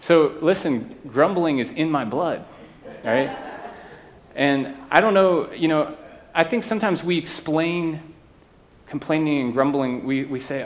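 Here a pastor with a slightly high voice takes his time, preaching to his congregation as if in conversation. Tag questions and asides let him keep checking in with the people listening.

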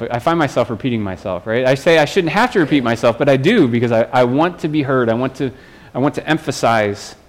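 A man, a pastor, preaching a sermon in an earnest way, often restarting and repeating phrases. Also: mid-range voice.

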